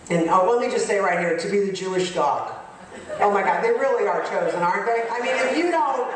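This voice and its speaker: A middle-aged woman doing a stand-up routine, telling stories and acting out characters with big exclamations. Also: on the high side. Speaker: stand-up comedian.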